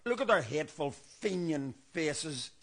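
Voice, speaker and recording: An unhinged older loyalist, speaking with a Northern Irish accent in a fairly high voice. He delivers a theatrical monologue, sliding from quiet, brooding musing into shouted ranting. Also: sing-song, measured pace, slight background noise, exaggerated voice. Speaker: stage actor in monologue.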